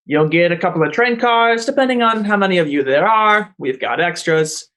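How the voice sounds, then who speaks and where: A man's voice: high-pitched, expressive, moderate pace, sharp tone. A man voicing a tough, no-nonsense woman who runs a train and lays down the rules. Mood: blunt. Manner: gruff, blunt orders.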